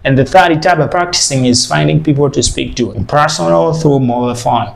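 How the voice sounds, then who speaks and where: Gravelly man teaching English. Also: fairly high pitch, a little hiss or hum. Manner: repeats example sentences slowly, then translates quickly. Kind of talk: bilingual language lesson.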